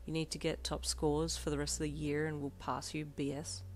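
A woman voicing a moody, excitable teenage student who grumbles and fills her talk with ums and uhs in a fan audio story. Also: sits low, moderate pace, lightly acted. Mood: grumpy, eager.

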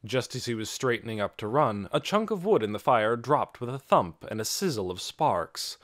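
A man reading an audiobook aloud with expressive storytelling. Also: medium pitch, normal speed, no echo, studio quality. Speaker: audiobook narrator. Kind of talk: scripted audiobook narration.

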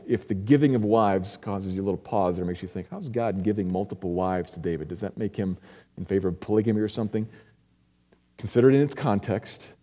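Male pastor, mid-pitched and mellow, earnest sermon delivery with hushed-to-emphatic swings, reverberant sanctuary. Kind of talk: expository sermon. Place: church sanctuary. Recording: echoey church hall.

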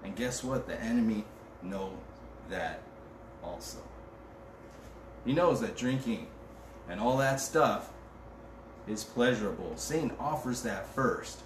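A man's voice: on the low side, lively intonation, slow pace, pauses often. A man preaching a conversational sermon as pastor, joking casually and reading scripture aloud. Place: church. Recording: roomy and distant with background noise.

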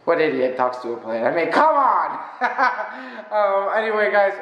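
A man's voice: high-pitched, very animated, a little slow, muffled recording. A man chatting casually to his viewers in a playful, rambling and self-mocking way. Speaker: vlogger. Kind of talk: casual vlog chat. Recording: echoey room with long reverb.

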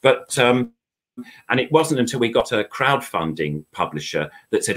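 A man's voice: medium pitch, sing-song, moderate pace, fairly bright tone. An older man, a guest chatting and reminiscing in a rambling, chatty way. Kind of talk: casual reminiscing chat.

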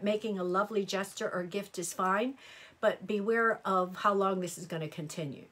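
A middle-aged astrology reader reads horoscopes on a live stream, chatty and exclamatory, responding to viewer comments along the way. Her mid-range voice is a bit bright and moves at a moderate pace.

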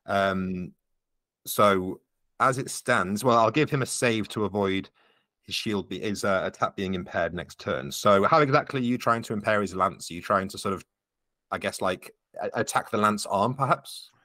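A man narrates and referees a tabletop game, walking a player through the rules in a low, unhurried voice. He fills pauses with ums as he thinks. The sound is dry and close. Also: bright, forceful tone, dry recording. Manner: explains rules patiently, lots of ums. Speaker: game master.

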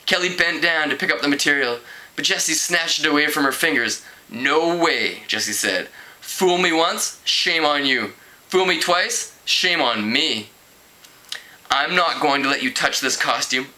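On a poor-quality recording, a man with a bright, forceful voice casually reads a teen novel aloud. He stumbles over words, corrects himself, and laughs at the story, raising his pitch to voice the characters.

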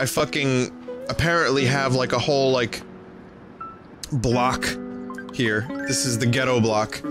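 A man doing let's-play commentary, sarcastic and rambling with plenty of swearing. His voice sits at an ordinary middle pitch, with cheerful game music clearly running underneath. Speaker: streamer.

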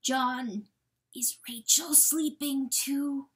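A woman's voice: sits high, fairly even intonation, distant mic, pitched above the performer's own voice. Ferric, a woman voicing a grieving father coyote. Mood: pleading. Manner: halting, pleading, often breathy and hushed. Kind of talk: dramatic audiobook reading.

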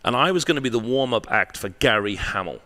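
Brief: male guest, lively pitch, swears freely, punchy anecdotal delivery, checks in with "right?". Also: quick pace. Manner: profane, animated storyteller with tag questions. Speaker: guest, marketing professor. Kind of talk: candid storytelling interview.

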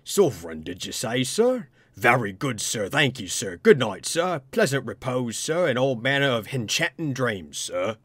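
A man's voice: mid-range voice, very animated, a little slow, few pauses, fairly bright tone, breathy edge, dry recording, full character voice. A man voicing a fearful, obsequious male ship's steward who calls everyone sir and drops and adds h's in broken grammar. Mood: fawning. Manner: obsequious, says sir constantly.

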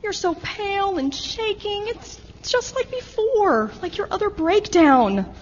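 A woman's voice: extremely high pitch, lively intonation, a little slow, long reverb tail, dull audio, a little hiss or hum. A woman playing an anxious, pleading mother. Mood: worried. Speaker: worried mother. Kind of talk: radio drama acting.

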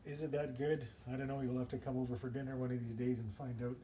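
A man's voice: mid-range voice, level tone, fast talker, warm tone. A man casually talking through a home cooking video, rambling and chatty and breaking off mid-sentence, filmed on a camera across a home kitchen. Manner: rambling, chatty, self-interrupting. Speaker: home cook. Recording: noisy home recording.

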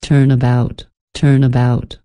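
A woman's voice: rumbling low, flat delivery, slow, dark tone. Woman reading as a hot-headed young swordsman.

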